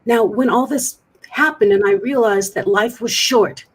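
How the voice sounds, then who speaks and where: A husky-voiced woman speaks as an interview guest over a remote connection. She tells her story in an earnest, reflective way, sounding like the coach she is. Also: on the high side, measured pace, low-quality recording.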